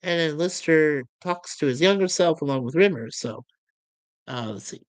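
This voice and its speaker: A woman reviewing a show in a casual, halting way, setting up quotes with fillers. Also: low-pitched, animated, no echo, poor audio. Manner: loose, halting narration with fillers.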